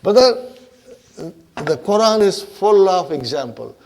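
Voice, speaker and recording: A man teaching an Arabic grammar class, animated and playful, acting out grammar words as characters and often checking in with his students. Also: high voice, slow. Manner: animated, checks in with the class with frequent "Huh?" and "Are you with me?".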